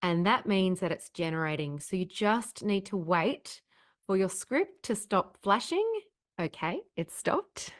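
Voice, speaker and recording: A woman trainer narrating a recorded software tutorial step by step at her desk microphone, upbeat and explanatory. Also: mid-range voice, very animated, measured pace, no echo, studio quality.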